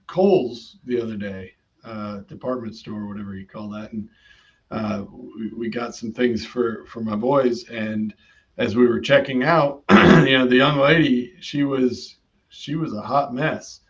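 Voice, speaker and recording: A man speaking in a middle-pitched voice, laying out his ideas emphatically and one step at a time in a conversational podcast. The recording sounds dull and lo-fi, as if the sound has been muffled. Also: unhurried. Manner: emphatic, explains points step by step.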